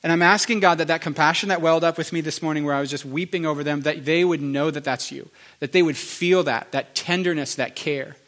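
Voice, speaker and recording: A man's voice: fairly high pitch, a bit bright. Earnest man praying prophetic words. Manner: earnest, repetitive, halting restarts. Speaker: prophetic minister. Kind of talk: spoken prophetic prayer ministry.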